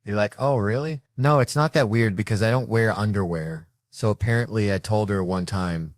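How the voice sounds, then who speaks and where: Male stand-up comic with a lowish voice, profane and rambling delivery, dry sound. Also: moderate pace, dry recording. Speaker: stand-up comedian. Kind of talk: stand-up set.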